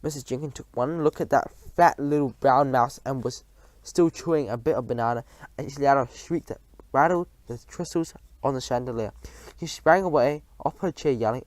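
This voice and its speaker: A man reading a children's storybook aloud in a lively storytelling manner. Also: mid-range voice, moderate pace, no room sound. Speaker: narrator.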